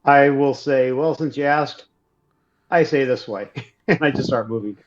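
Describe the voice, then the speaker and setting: Guy at a tabletop game, thinks out loud, kinda dull lo-fi audio. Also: medium pitch, moderate pace. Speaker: player. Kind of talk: casual tabletop game play.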